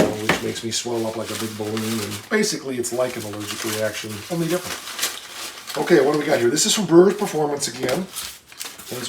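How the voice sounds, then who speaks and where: Folksy, chatty male host from northern Michigan, unboxing in a roomy shop, mic set well back, plenty of background noise. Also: medium pitch. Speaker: shop owner and channel host. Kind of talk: casual chat while unboxing. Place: shop or barn workshop. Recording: echoey shop, mic at a distance, noisy.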